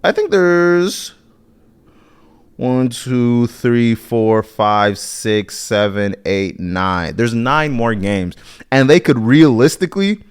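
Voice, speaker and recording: Young American guy hosting a solo podcast, lively, casual, repeats himself for effect. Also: mid-range voice, slow pace, clean tone. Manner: animated, repetitive, playful asides. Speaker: podcast host.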